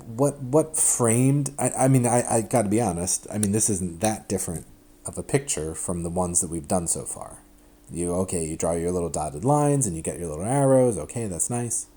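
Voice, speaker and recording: A man giving a recorded math lecture at a board, chatty and animated, often breaking off and restarting his sentences. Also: deep voice, moderate pace, breathy edge. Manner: chatty, self-interrupting, animated explanations.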